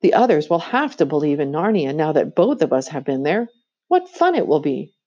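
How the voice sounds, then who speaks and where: A woman's voice: low voice, big pitch swings, a little fast, mellow, muffled recording. A woman voicing an eager, happy young girl who gushes breathlessly, in a storybook reading. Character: excited, happy little girl.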